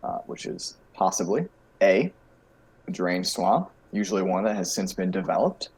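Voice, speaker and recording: Husky-voiced man, game-running co-host on a video call; dry, easygoing, very swingy pitch. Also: very animated, moderate pace, a little mellow, rough recording. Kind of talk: casual chat over a video call. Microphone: video call mic.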